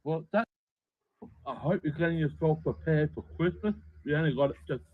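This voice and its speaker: A man with an Australian accent telling short deadpan jokes in a played video clip. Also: a little high, normal speed, slight background noise. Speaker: joke teller in played clips. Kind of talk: short comedic video bits. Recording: tinny phone-like clip audio.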